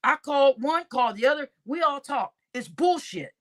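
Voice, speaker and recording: Woman streamer, slightly high-pitched, animated, laughs a lot, talks to chat. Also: moderate pace. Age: adult, grown-up. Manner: animated, laughing, swearing, addresses chat as y'all. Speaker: livestream host. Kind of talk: casual livestream chat, reading comments.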